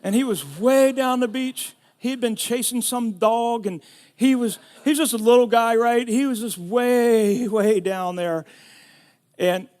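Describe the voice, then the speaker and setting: A middle-aged man preaching a sermon, telling a personal story with rising emotion that builds to shouting. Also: extremely high pitch, fairly even intonation, measured pace. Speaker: pastor.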